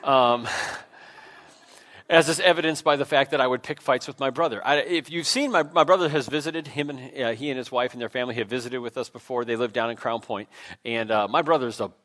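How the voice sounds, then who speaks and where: Male pastor, mid-pitched, informal self-deprecating sermon delivery in a church. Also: a little fast, a bit bright. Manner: conversational, self-deprecating, with frequent fillers and restarts. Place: church sanctuary.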